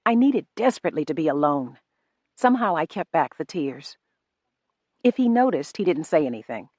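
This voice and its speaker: A woman reading a novel aloud in first person, measured and restrained. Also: sits low, very animated, a little mellow, no echo. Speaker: audiobook narrator. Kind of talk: first-person audiobook narration.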